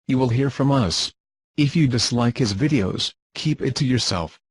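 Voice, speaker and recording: A man's voice: medium pitch, animated, moderate pace, breathy edge, no echo. A man reading scornful, dismissive commentary in formal wording. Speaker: commentator being rebutted. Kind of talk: scripted insult commentary.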